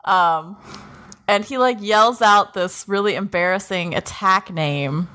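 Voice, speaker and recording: A woman's voice: mid-range voice, slow pace, bright, forceful tone. Chatty young woman recapping anime. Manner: rambling retelling, full of "like" and "um". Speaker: podcast co-host. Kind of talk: casual chat recapping anime episodes.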